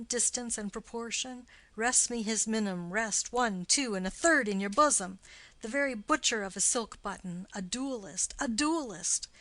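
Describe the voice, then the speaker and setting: Audiobook: woman voicing a sharp-tongued young nobleman, teasing and playful, dry close sound. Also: medium pitch, no room sound, natural voice. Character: witty, mocking young male nobleman.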